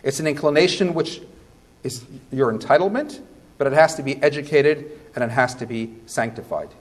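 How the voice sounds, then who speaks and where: A male rabbi giving a sermon, emphatic, posing rhetorical questions, swinging between quiet and loud passages. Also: mid-range voice, moderate pace.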